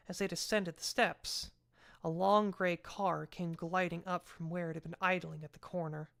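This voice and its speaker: Woman with a lowish voice narrating a crime novel; steady and even. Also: normal speed, creaky. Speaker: audiobook reader. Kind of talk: reading a novel aloud.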